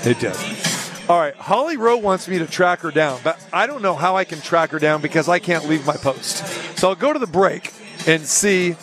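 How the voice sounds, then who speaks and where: A man hosting a live radio show from an arena, telling a story in a casual, animated way and acting out the people in it. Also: a little high, normal speed. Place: arena during a live broadcast. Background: music and an arena crowd.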